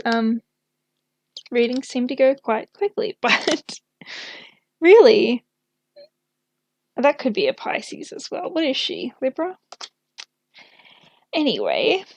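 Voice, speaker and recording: A woman's voice: fairly high pitch, slight background noise. Chatty woman reading tarot cards. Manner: chatty, thinking aloud, many fillers and little laughs. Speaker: tarot reader.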